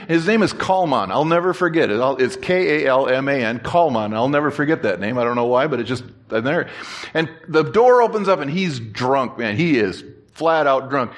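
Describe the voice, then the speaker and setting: A man preaching a sermon as pastor, telling a story in a lively, joking way and repeating phrases for emphasis. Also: mid-range voice, moderate pace. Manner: animated, jokey storyteller who repeats and restarts phrases.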